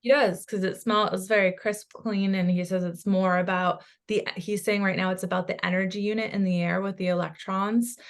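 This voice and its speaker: A woman psychic medium in casual chat, talking in an animated, rambling way with quick asides. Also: medium pitch.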